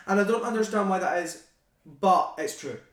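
A woman's voice: mid-range voice, lively intonation, moderate pace, far from the mic. A young Scottish woman chatting as a podcast guest, emphatic and tagging her points with questions. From Scotland. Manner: emphatic, tags lines with "right?". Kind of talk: casual group chat. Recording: roomy, off-mic, chatter behind.

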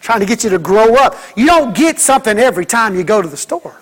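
A man's voice: high-pitched, sing-song, quick pace, slightly rough. A man preaching a sermon as pastor, folksy and joking, mimicking kids and church members.

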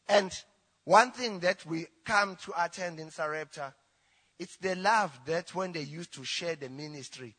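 A South African man whose first language is Zulu, telling his personal testimony in church in halting English with restarts. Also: fairly high pitch, bright, forceful tone, husky. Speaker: church member giving testimony. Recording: reverberant church hall.

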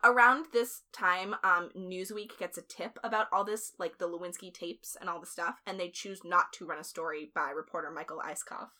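A woman's voice: lowish voice, sharp tone. A woman hosting a podcast, recounting events in a chatty, blunt way with lots of fillers and some swearing. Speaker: podcast host. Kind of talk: casual storytelling chat.

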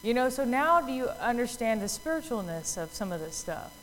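A woman's voice: a little high, very animated, fairly quick, a bit bright, big-room sound, a little hiss or hum, rough recording. Chatty woman telling a Bible story. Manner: chatty storytelling with many fillers, acting out voices. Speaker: Bible teacher. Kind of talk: casual Bible talk.

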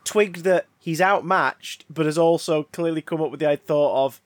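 A man co-hosting a podcast, chatting casually with jokes, quick asides and bursts of laughter. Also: fairly high pitch, no room sound. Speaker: podcast co-host. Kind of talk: casual chat.

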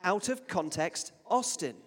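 A dry, mock-formal man hosting a comic live podcast. His voice sits high for a man and carries a long echo around the room. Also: animated, unhurried. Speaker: podcast host reading listener mail.

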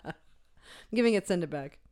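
A woman's voice: on the low side, darkish tone. Blunt, rambling female film critic. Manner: blunt, rambling, laughs often. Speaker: film review podcast co-host. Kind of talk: casual film review chat.

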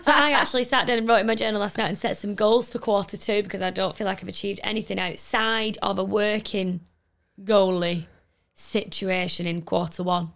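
A woman's voice: medium pitch, steady tone, brisk, creaky, a bit bright. A woman, co-hosting a casual podcast and giggling often. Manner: giggly, chatty. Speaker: podcast co-host. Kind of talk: casual chat.

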